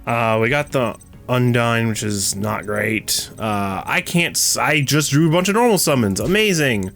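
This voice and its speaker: A man's voice: mid-range voice, animated, measured pace, fairly bright tone, soft background music. A young man commentating his own card game play, ranting and swearing as his frustration builds. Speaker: gaming streamer. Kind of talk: gameplay commentary.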